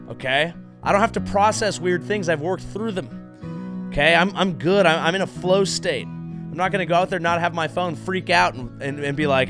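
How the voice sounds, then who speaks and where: A man's voice: sits high, fairly quick, a bit bright, faint music behind. A male comedian hosting a podcast, delivering a sarcastic, rambling monologue full of restarts and mock-grand declarations. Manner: sarcastic, rambling, self-interrupting.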